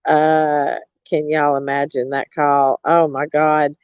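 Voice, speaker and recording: A woman's voice: deep voice, flat delivery, slow pace, a little mellow, clear, resonant tone, dry recording, muffled recording. A woman, a vlogger gossiping in a blunt, mocking way, often laughing and cursing. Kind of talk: casual gossip chat.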